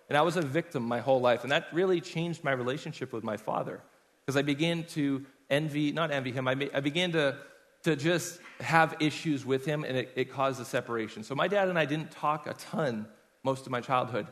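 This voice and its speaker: A man's voice: on the high side, fairly quick, a bit bright. A man preaching a sermon in a conversational way, telling personal stories to his congregation. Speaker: pastor. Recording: long hall reverb.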